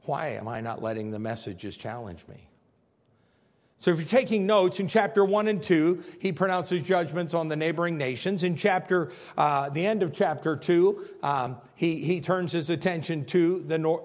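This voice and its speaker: An earnest male pastor preaches in a church with a high voice. His phrases often restart. He builds to loud emphasis, then drops to a hushed intensity. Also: normal speed, few pauses. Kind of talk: sermon.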